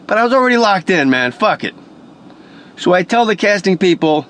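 A man's voice: high-pitched, big pitch swings, fairly quick, a bit bright. A man telling a story in an emphatic, profane, casual way, a voice actor by trade.

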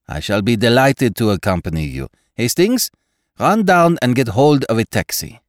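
A man's voice: medium pitch, very animated, moderate pace, no echo, studio quality, pitched above the performer's own voice, natural voice. A man voicing a courteous, clever male detective who speaks precisely.

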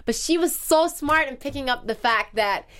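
A woman's voice: high voice, lively intonation, moderate pace, fairly bright tone. A woman co-hosting a casual show, chatting animatedly, laughing often and reading out listener comments. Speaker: podcast host. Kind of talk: casual recap chat.

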